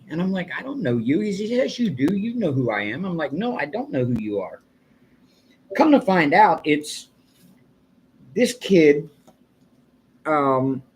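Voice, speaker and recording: Older guy chatting on a live stream, kinda high voice, rambles on and laughs a lot, faint hiss behind. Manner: rambling storyteller, chuckles often. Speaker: livestream host. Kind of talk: casual live-stream chat.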